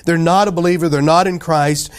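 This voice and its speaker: A pastor preaching a sermon in a casual, conversational way, often asking the congregation questions and acting out quoted voices. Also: male voice, on the high side, fairly even intonation, a little fast, clean tone.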